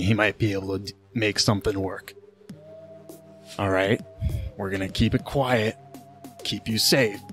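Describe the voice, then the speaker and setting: A man voicing a steady human male defense force agent who talks in a hushed, reassuring way. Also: fairly low pitch. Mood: firm.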